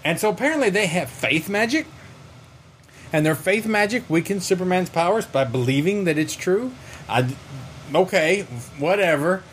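A man with a fairly high voice retells a comic book story in loose, casual podcast chat. He talks in an animated way and slips into little character voices as he goes. A faint hum sits under the recording. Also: moderate pace. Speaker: podcast co-host.

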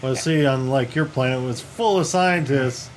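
A man with a mid-pitched voice chats casually as a podcast co-host. He drops in wry, joking remarks. A faint air conditioner hum runs behind him. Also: normal speed. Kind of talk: casual chat.

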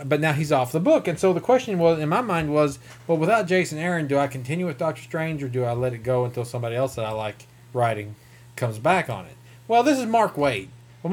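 A man with a rural Southern American accent, rambling through a casual comic book review with self-corrections and chuckles. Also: on the high side. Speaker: comic book podcast host.

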